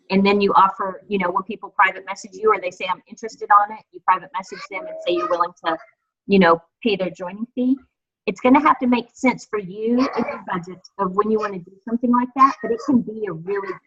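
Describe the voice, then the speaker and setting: A woman talks her team through business tips on a video call. She is chatty and encouraging and often pauses on fillers. The sound is dull and lo-fi, as computer call audio tends to be. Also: mid-range voice, fairly bright tone. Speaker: team leader. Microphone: computer mic on a video call.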